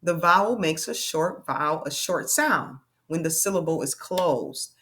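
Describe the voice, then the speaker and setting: A woman teaches a children's phonics lesson, stretching out each vowel sound slowly. Her voice sits a little low for a woman. She keeps checking in with an encouraging "okay?". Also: a bit bright. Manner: slow, drawn-out sounding of letters and vowel sounds.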